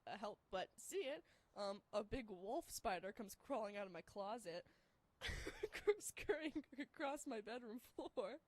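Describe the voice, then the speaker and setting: A young woman telling a story in casual chat, rambling with many fillers and turning shrill and laughing when excited. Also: no echo.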